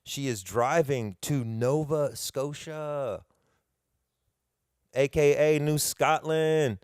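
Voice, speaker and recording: A man's voice: a little high, takes it slowly, a little mellow, clean tone, no room sound, studio quality. A middle-aged man with a Southern US accent, hosting a podcast in a rambling, chatty, self-deprecating monologue. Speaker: podcast host.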